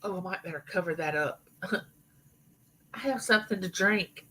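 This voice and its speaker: A woman's voice: lowish voice, moderate pace, sharp tone, low-quality recording. A middle-aged woman from Mississippi with a Southern accent, hosting a casual live chat and greeting viewers by name. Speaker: YouTube channel host.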